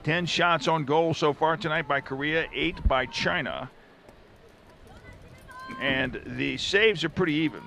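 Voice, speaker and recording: Play-by-play man, raspy upper-register voice, folksy asides, live booth call. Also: on the high side, measured pace, long pauses, sharp tone, a little hiss or hum. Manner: chatty, reflective asides between plays. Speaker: play-by-play commentator. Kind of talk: live football commentary. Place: stadium commentary booth with air conditioner.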